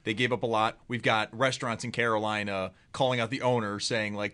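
A man co-hosting a football draft broadcast, trading opinions in loose, casual sports chatter. He talks in quick bursts and often trips over himself before landing his point. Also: fairly low pitch, flat delivery, sharp tone, clean tone. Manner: quick, opinionated, restarts a lot. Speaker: co-host of a draft show.

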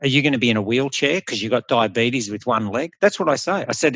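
A man's voice: mid-range voice, lively intonation, fast, a bit bright, no room sound. A middle-aged Australian man, a health coach, talking bluntly and animatedly in a casual podcast conversation, swearing freely.

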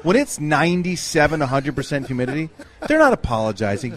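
A man's voice: on the high side, very animated, quick pace. A man co-hosting a live radio show outdoors at a fair, joking with the crowd and his partner. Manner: upbeat, joking banter. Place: outdoor broadcast booth at a state fair.

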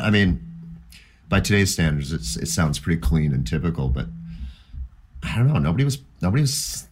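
Middle-aged guy, super deep and kinda husky, rambly laughy music chat. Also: a little fast, pauses often. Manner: rambling, animated when recalling quotes, laughs often. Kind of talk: casual conversation about music.

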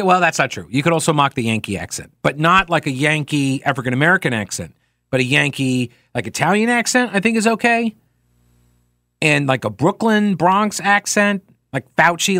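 A man hosts a radio talk show and reads out listener emails, dropping deadpan, sarcastic remarks between them. His voice sits a little high for a man. The studio sound is close and dry. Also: dry recording.

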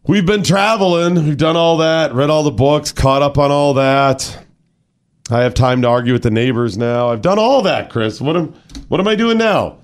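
A man's voice: fairly high pitch, normal speed. Guy hosting morning radio, chatty storyteller, voice goes way up and down. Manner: animated storyteller, stretches words for effect. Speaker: radio show host. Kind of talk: casual chat.

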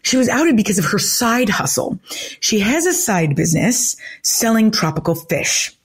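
A woman, a regular guest on a podcast, telling a news story in casual chat, indignant and animated with many restarts. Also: mid-range voice, moderate pace, slightly rough.

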